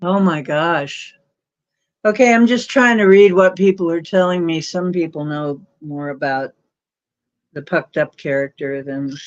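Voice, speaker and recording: A woman's voice: sits low, no echo. A woman hosting a casual late-night livestream, rambling, mocking and laughing often. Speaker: livestream host. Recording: dull lo-fi stream audio.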